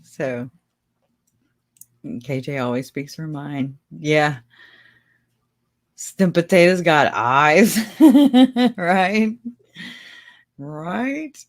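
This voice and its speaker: This livestream host's voice sits low, and she is animated yet very slow, leaving long pauses. Her casual stream is full of rambling chatter and frequent laughter aimed right at her viewers.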